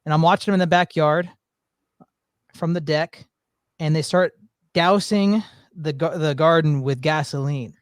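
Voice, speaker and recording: A man's voice: fairly high pitch, a little slow, long pauses, clean tone, no room sound, clean studio sound. A man hosting a casual chat, telling rambling stories with many fillers and restarts. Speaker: podcast host.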